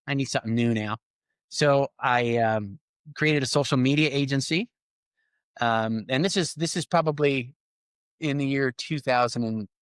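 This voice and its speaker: A middle-aged man telling business stories in a casual interview, acting out quoted lines with lively swings. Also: mid-range voice, smooth, dry recording. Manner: animated storyteller, acts out quoted lines. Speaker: podcast guest.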